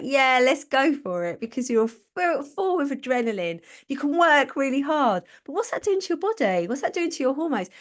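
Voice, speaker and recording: A woman hosting a live stream. She gives casual motivational talk, chatting and laughing as she acts out quotes. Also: on the high side. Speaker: podcast host and business coach.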